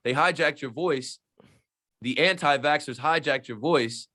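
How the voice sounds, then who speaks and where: Speaking at a measured pace with a fairly high pitch, a Jersey shore sports radio man makes casual podcast conversation. He leans into his points and plays out the people he quotes in spirited voices.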